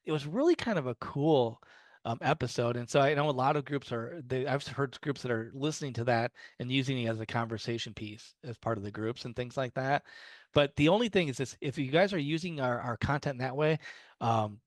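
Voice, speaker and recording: A man's voice: medium pitch, fairly quick, no echo. Chatty man telling stories, dry sound. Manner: friendly storytelling with fillers and restarts. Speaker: guest speaker on low-vision resources. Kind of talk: casual talk to a small group.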